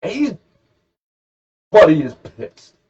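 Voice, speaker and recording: A man's voice: sits high, huge pitch swings, slow, a little mellow, breathy edge. A man co-hosting a podcast who tells a rambling, jokey story in casual chat. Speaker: podcast co-host. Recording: dull lo-fi podcast recording.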